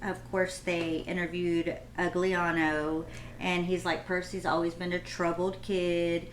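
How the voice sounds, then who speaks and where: A woman's voice: lowish voice, flat delivery, a little slow. Joking mother in an echoey room. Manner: joking, teasing asides. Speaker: mother reading along. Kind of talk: casual book chat. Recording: echoey room with faint hiss.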